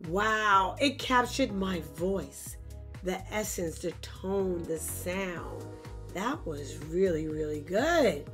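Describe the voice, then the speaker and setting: A woman demonstrating software in a casual tutorial, bubbly and quick to exclaim. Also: on the low side, expressive, faint music behind. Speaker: content creator demonstrating software. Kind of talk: casual screen-recorded tutorial.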